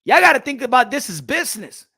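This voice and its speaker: A man hosting a boxing channel, ranting loudly and profanely in heated commentary while talking straight to his viewers. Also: extremely high pitch, big pitch swings, fast talker, creaky, slightly rough.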